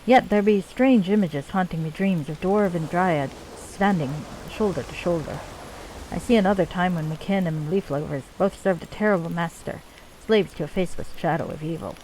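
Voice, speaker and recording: A woman voicing a gruff male dwarf clan leader, weary of endless war, in a put-on Scottish accent. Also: on the low side, normal speed, darkish tone, slight background noise, natural voice, low-quality recording. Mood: somber. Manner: gruff, archaic folksy dwarf speech. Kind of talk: reading game dialogue aloud.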